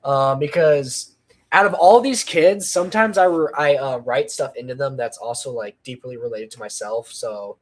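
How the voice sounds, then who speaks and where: Guy rambling on his anniversary stream, lots of ums, mid pitch. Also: normal speed. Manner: rambling, full of ums and restarts. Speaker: channel creator. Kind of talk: casual livestream chat.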